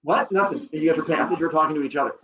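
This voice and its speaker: A man's voice: on the high side, rapid-fire. A man teaching a middle school class online, joking with students and acting out silly voices as he reviews. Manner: animated, jokey, acts out silly voices. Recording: echoey, distant, dull video-call audio with faint noise.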